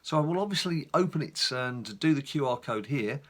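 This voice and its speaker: Lively, bright-voiced dad vlogger. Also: male voice, mid-range voice, normal speed. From England. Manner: animated storyteller, rambling asides. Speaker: gaming YouTuber. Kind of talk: casual chatty vlog.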